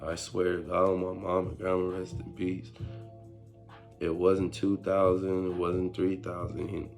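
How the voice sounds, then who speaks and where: A man's voice: sits low, measured pace, gravelly, soft background music. A young man casually telling a story in street slang, acting out what others said. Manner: street slang, animated retelling with quoted voices.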